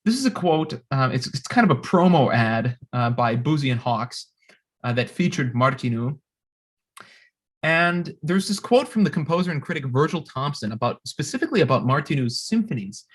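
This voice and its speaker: A young composer talks through a music history presentation. His voice sits at a middle pitch, and he stops often, repeating words and filling gaps with "um" and "uh" as he thinks aloud. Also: very animated, slightly rough. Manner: halting, many fillers and restarts. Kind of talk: recorded lecture presentation.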